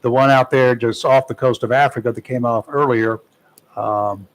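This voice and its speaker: A man's voice: medium pitch, steady tone, normal speed, rough recording. Guy hosting a local talk radio show, folksy and jokey, lots of uhs, studio mic. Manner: folksy and joking, with many fillers. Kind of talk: casual talk radio commentary.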